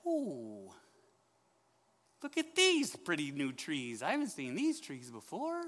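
A man voicing a carefree young male sheep who mumbles softly to himself as he wanders, with a long church echo. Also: on the high side, huge pitch swings, slow pace, exaggerated voice. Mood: dreamy. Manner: soft, mumbling, easily distracted.

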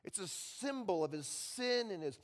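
A male pastor preaching a sermon, telling stories and dropping at times to a hushed voice. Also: high-pitched, lively intonation, normal speed. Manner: storytelling with sudden drops to a hushed voice. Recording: long reverb in a large hall.

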